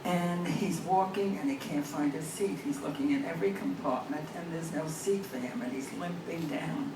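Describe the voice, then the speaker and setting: Older woman comic, slow delivery, low voice, echoey distant live room, noisy. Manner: storytelling with punchlines. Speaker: comedian. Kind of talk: stand-up comedy. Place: live venue with audience. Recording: echoey and distant, with crowd noise.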